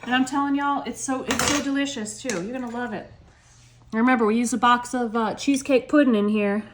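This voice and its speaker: A high-voiced woman talks eagerly to her viewers in a casual cooking vlog, calling them "y'all." Dishes and cutlery clink faintly behind her. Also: fairly even intonation, brisk, slight background noise. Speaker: home cooking vlogger.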